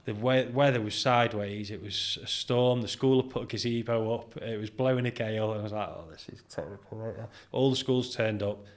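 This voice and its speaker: With a mid-range voice, this British founder in his forties speaks briskly and hardly pauses. He's a guest on a casual podcast interview, telling vivid anecdotes, acting out quotes, and laughing frequently.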